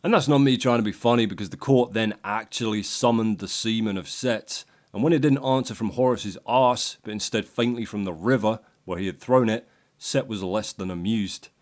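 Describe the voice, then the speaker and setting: A man's voice: lowish voice, normal speed, a little mellow. A man narrating a myth as a crude, sardonic comic story. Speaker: host.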